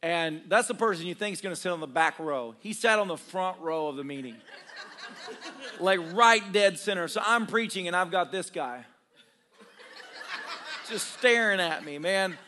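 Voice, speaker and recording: A man's voice: sits high, animated, moderate pace, pauses often, bright, forceful tone, slight background noise. A man preaching a storytelling sermon as a pastor, humorous and self-deprecating, laughing often as he talks straight to his congregation. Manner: conversational, addresses congregation directly.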